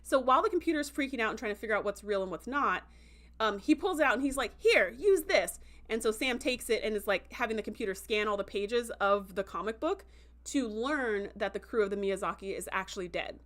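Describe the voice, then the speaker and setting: A woman hosting a casual livestream review, chatty and full of "like" and "um" fillers, who slips into animated voices when quoting characters. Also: mid-range voice, fast talker. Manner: breaks into animated voices for quotes.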